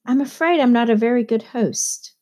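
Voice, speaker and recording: A woman narrator gives voice to an elegant young gentleman who picks his words with care. His speech is formal and courteous, close to the reader's own tone. It is an audiobook reading. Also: a little high, moderate pace, pitched above the performer's own voice, lightly acted. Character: elegant, formal young man, host of parties.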